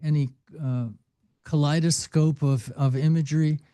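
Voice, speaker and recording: A man chatting on a radio show as co-host, halting and searching for words as he talks. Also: on the high side, fairly even intonation, dark tone, no room sound. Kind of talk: casual chat.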